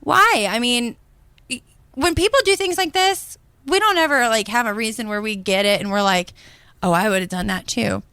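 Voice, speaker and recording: A woman's voice: a little high, moderate pace, a bit bright, clean tone, no echo. A woman co-hosting a podcast, talking in a blunt, rambling way with lots of fillers. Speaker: podcast co-host. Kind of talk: casual opinionated chat.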